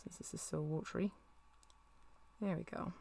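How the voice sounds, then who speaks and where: A woman's voice: on the low side, fairly even intonation, moderate pace, vocal fry, a little mellow, slight background noise. A woman chatting casually with her live-stream audience while she paints miniatures, laughing often and sometimes drifting away from the mic.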